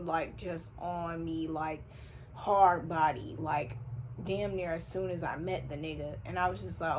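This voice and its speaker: A young woman telling a personal story in a casual storytime vlog, animated and slangy, swearing freely, recorded at home on a phone or camera mic. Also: fairly low pitch, slight background noise. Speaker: vlogger. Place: home room, vacuum running nearby.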